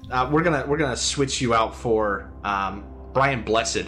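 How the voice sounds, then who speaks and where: An American man hosting a podcast, bantering and joking in quick, lively casual chat. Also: mid-range voice, soft background music. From United States. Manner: jokey, animated, quick banter. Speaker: podcast host.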